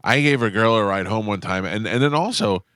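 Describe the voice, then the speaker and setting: A man with a lowish voice hosts a radio show and rambles through stories in easy banter. He is close on a studio microphone, and the sound is dry with no room around it. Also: brisk, clear, resonant tone, dry recording. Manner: rambling, animated storyteller.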